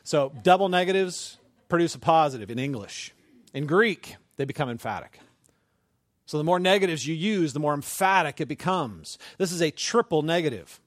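A middle-aged male pastor preaching a sermon with passion, building to near-shouts and often restarting his sentences. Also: fairly high pitch, expressive, moderate pace, dry recording, studio quality.

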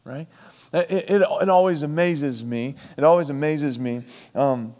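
A pastor preaching a sermon, repeating key lines for emphasis and breaking off for chatty asides. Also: male voice, a little high, unhurried, warm tone, big-room sound.

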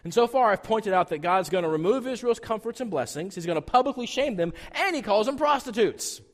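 A man's voice: high voice, fairly quick. Man preaching in a big reverberant hall. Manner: lively storytelling with acted-out quotes and asides. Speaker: pastor. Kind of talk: sermon. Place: church sanctuary.

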